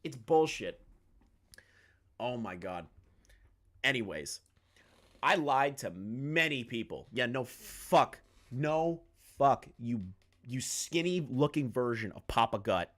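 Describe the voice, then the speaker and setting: A man's voice: mid-range voice, animated, takes it slowly, long pauses. Male reaction commentator, crude and mocking, heated rants. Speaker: commentary YouTuber.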